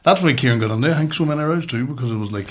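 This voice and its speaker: A man's voice: mid-range voice, lively intonation, very fast, a little hiss or hum. A man co-hosting a podcast, telling rambling, sweary stories in casual chat. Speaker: podcast co-host.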